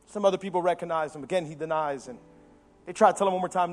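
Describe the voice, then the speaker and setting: Animated high-voiced male pastor preaching. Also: fast talker. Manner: animated, swings from loud emphasis to quiet intensity; acts out quotes of biblical figures with his own voice. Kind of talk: sermon.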